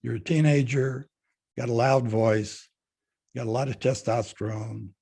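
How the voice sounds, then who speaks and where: The voice is medium-pitched and fairly even in intonation, a little slow, creaky and mellow, with a breathy edge. It belongs to an older man from Fort Worth, Texas, who bluntly tells a story as an interview guest and plays both parts of the conversation.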